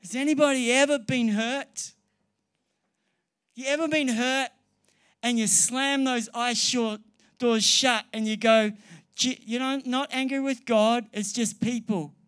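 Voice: medium pitch, fairly even intonation, measured pace, fairly bright tone, clean tone. Earnest preacher who repeats for emphasis. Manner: mixes light humor and banter with the room. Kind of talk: sermon to a live congregation. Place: church hall or meeting room with an audience.

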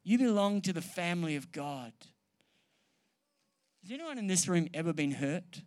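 An earnest preacher delivers a sermon to a live congregation in a church hall or meeting room with an audience, repeating things for emphasis and mixing light humor and banter with the room. The voice is mid-range, sing-song, and a little mellow, at normal speed.

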